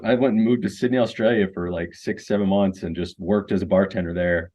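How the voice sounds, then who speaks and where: A man's voice: low-pitched, fairly even intonation, fast talker, warm tone. A middle-aged man from Missouri, a guest in a casual podcast chat who tells stories loosely and laughs often.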